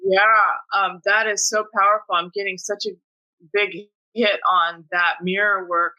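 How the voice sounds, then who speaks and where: A woman's voice: medium pitch, little pitch movement, measured pace, bright, forceful tone, lo-fi sound. A woman co-hosting a casual spiritual conversation, responding with enthusiastic affirmation.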